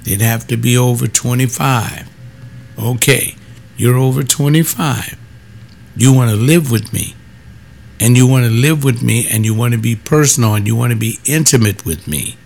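A man who is a former pastor, telling stories in a blunt, emphatic casual monologue and jumping up in pitch when he quotes other people. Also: normal speed, gravelly, a little mellow.

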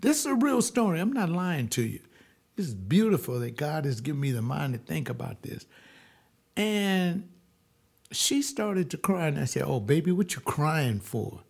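A man's voice: fairly high pitch, very animated, gravelly, darkish tone. Emphatic pastor telling his testimony. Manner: emphatic, stretching key words slowly. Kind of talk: sermon-like personal testimony.

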